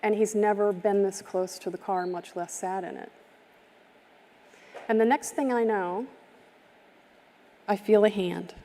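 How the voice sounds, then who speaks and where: A woman's voice: mid-range voice, steady tone, a little slow, long pauses, warm tone. A woman speaking at a summit, telling a heartfelt story with vivid detail and acting out the people in it. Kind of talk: storytelling keynote talk. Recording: live stream from a reverberant hall.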